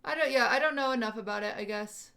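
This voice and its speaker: A woman hosting a livestream thinks aloud to her chat in a casual, questioning, unsure way. She talks fast, with a fairly high pitch and a sharp tone.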